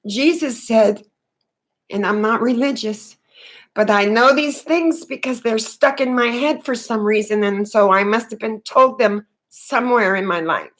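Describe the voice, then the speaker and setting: A woman talking unscripted about her spiritual awakening, earnest and halting, with many fillers and restarts. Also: fairly high pitch, a bit bright. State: tearful. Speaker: spiritual vlogger.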